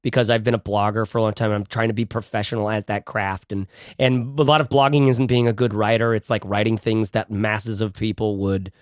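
A male podcast co-host chatting casually, animated and playful, talking in quick bursts. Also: on the low side, no room sound, clean studio sound. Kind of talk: casual chat.

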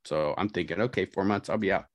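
A man's voice: low-pitched, fast, no echo. A middle-aged man from Southern California telling his life story in a casual, candid way, laughing at himself and acting out what others said. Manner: candid, self-mocking, laughs often, quotes others.

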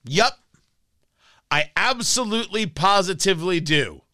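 Combative male talk radio host, sarcastic, bright and tense, close and dry. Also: high voice, expressive, a little slow, no room sound. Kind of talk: political talk radio monologue. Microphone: studio microphone.

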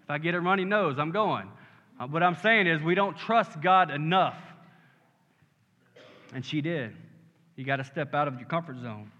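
A man preaching a sermon in a church sanctuary, with a high, bright, ringing voice. The sound is muffled and carries a long hall reverb, and he builds to emphatic peaks with repeated calls of "Amen?". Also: expressive, normal speed, long pauses. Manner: rising to emphatic call-and-response, asking "Amen?". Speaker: pastor.

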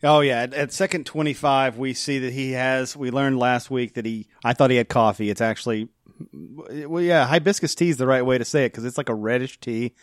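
A man's voice: mid-range voice, steady tone, fairly quick, dry recording, studio quality. A man co-hosting a casual podcast, chatty and joking, often laughing. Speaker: podcast co-host. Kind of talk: casual chat.

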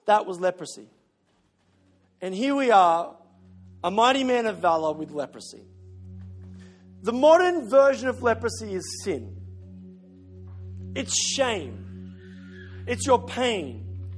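A middle-aged pastor preaches in a high, sing-song voice, slowly and with long pauses. His sermon is conversational storytelling, self-deprecating, and he often repeats a word while searching for the next.

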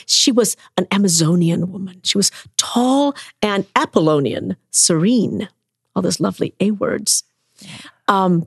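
A woman's voice: medium pitch, breathy edge, no echo, studio quality. A woman from the American South telling personal stories in conversation, acting out voices and dropping to whispers. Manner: expressive, acts out quoted voices, drops to whispers. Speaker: storyteller.

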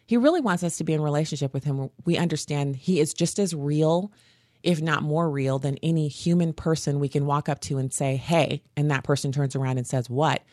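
A woman hosting a faith podcast, telling stories in an animated, earnest way. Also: low-pitched, fairly quick, dry recording, clean studio sound. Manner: animated, earnest storytelling with laughs. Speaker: podcast host. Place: home studio.

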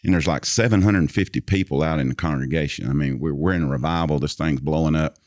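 A man with a very low, deep voice tells a story in a relaxed chat. He paints scenes for his listeners and recites long passages from memory. His voice sounds dry and close. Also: fast talker, no room sound. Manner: vivid storyteller who recites scripture from memory. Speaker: guest telling a personal story. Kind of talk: casual storytelling conversation.

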